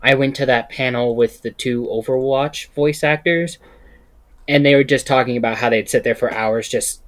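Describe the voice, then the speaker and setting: A man's voice: medium pitch, normal speed. A man co-hosting a podcast in casual chat, with a laid-back manner and easy laughs. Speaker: podcast co-host.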